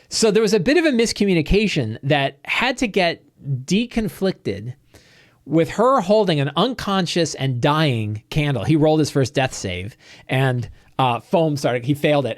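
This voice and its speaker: A man, the game master, recapping a tabletop game session in a rambling, animated storytelling way. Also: fairly high pitch, no echo, studio quality. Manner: rambling, animated storytelling with quoted character lines.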